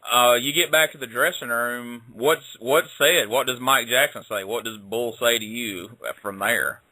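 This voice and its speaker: A man's voice: mid-range voice, measured pace, bright, forceful tone, dry recording, low-quality recording. A man hosting a radio interview, asking casual, profane questions. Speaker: radio show host.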